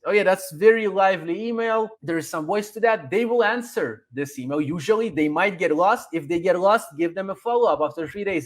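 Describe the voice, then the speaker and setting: A man's voice: high-pitched, lively intonation, fairly quick, hardly any pauses. A man guest in a casual chat, giving advice and acting out sample customer emails.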